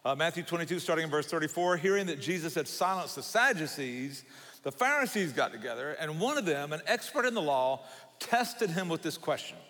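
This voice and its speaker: A man's voice: a little high, lively intonation, fairly quick, fairly bright tone, long reverb tail. An older man from Savannah, Georgia, with a Southern accent, preaching a sermon as a guest pastor in a folksy, joking storyteller's way. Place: church sanctuary.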